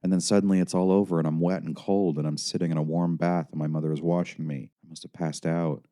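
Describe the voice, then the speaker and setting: A man's voice: sits low, level tone, fast talker, dark tone. A man narrating his own memoir in an intense, confessional manner. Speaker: author and narrator.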